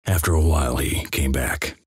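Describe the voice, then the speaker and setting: A man reading an internet story aloud in a flat, deadpan manner. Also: extremely low pitch, moderate pace, breathy edge, dry recording, clean studio sound.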